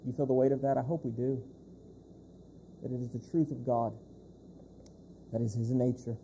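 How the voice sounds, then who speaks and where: A male pastor preaching a sermon. He speaks emphatically, repeats key phrases, slows down to stress points and puts questions to the congregation. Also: mid-range voice, fairly even intonation, dark tone, a little hiss or hum.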